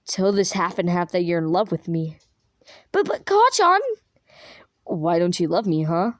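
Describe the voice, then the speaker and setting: A girl putting on a gruff, bossy teen boy. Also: expressive, a little slow, no echo, clean studio sound. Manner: snarling, insulting, low growl. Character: angry teenage boy, crude and bossy.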